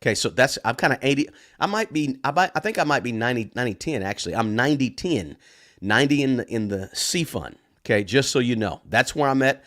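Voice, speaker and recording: A man's voice: mid-range voice, expressive, fast, fairly bright tone. A man in his fifties hosting a live Q&A stream, chatty and informal, often addressing viewers as guys. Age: 50s. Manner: chatty, calls audience "guys", greets viewers. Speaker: livestream host. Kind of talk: live Q&A chat.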